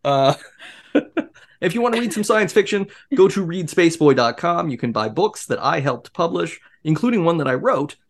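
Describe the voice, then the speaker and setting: A man co-hosts a podcast in easygoing chat, his voice swinging widely in pitch as he jokes around. He talks in an animated way and laughs often. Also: moderate pace. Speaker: podcast co-host. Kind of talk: casual chat.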